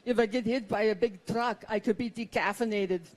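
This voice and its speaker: A woman's voice: on the high side, fairly even intonation, moderate pace, a little mellow, lightly acted. Woman doing an Austrian husband, middle-aged man, heavy accent, blunt, urgent, emphatic. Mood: earnest.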